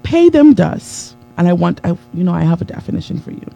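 A woman's voice: lowish voice, big pitch swings, a little fast, creaky, mellow, low-quality recording. A woman giving a live-streamed motivational talk in an emphatic, preacher-like way, greeting viewers as she goes. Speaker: motivational speaker.

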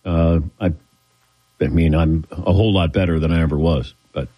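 A man's voice: low-pitched, steady tone, normal speed, dark tone, poor audio. A man hosting a show, telling a long rambling story in a casual way and acting out the voices of people he quotes. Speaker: show host.

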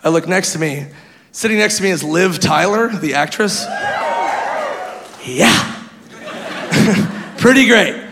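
A man doing stand-up, telling a story with animated laughter and sudden shouted bits. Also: high-pitched, slow pace, creaky, long pauses. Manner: animated, laughing, bursts into loud shouted impressions. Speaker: stand-up comedian. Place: comedy club stage. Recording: reverberant hall with faint crowd and noise.

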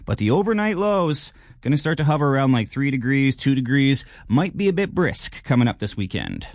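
A man giving a relaxed, conversational radio weather report. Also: medium pitch, fairly quick. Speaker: weather presenter.

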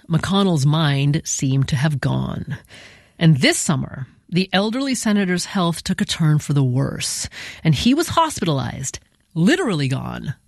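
A woman hosting a radio program, narrating a scripted news segment in a measured, deliberate way. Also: low-pitched, no room sound, clean studio sound. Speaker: radio host. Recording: music bed behind voice.

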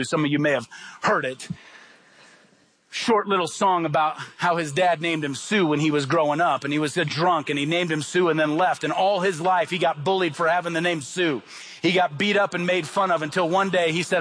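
A man's voice: a little high, moderate pace, a bit bright. A man preaching a sermon, emphatic and repetitive, often asking the congregation questions. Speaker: pastor.

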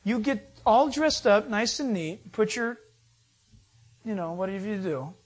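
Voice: mid-range voice, animated, measured pace, slightly rough. A preacher retelling a story and voicing Naomi, an older widowed woman who chats casually as she plots a match. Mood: scheming. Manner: casual, chatty, scheming.

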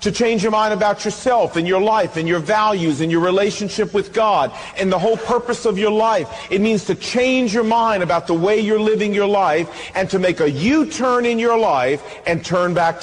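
A man preaching a sermon, telling a story and acting out both sides of the dialogue in an animated way. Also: high voice, long reverb tail. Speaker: pastor.

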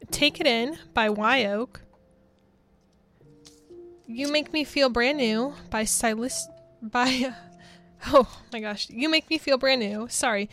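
A young woman in her twenties from Georgia, chatting casually as a college radio DJ in a studio, bubbly and quick to laugh. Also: a little high, a bit bright. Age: 20s.

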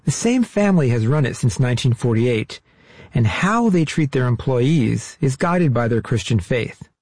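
A man from the US East Coast hosting and narrating an interview piece, asking questions in a measured, inquisitive way. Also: medium pitch, lively intonation, a little mellow, no room sound. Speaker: host and narrator. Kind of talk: radio-style interview narration.

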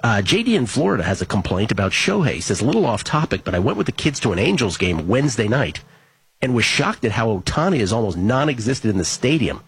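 A man's voice: medium pitch, very animated, breathy edge, no echo. A man hosting a sports betting show, reading listener tweets aloud in a casual, wry, joking way. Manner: wry, joking, reads names and stats quickly.

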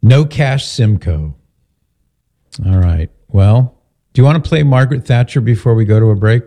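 A man's voice: mid-range voice, normal speed, dark tone. A man hosting a talk radio show, joking and teasing his co-host. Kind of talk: casual talk radio banter.

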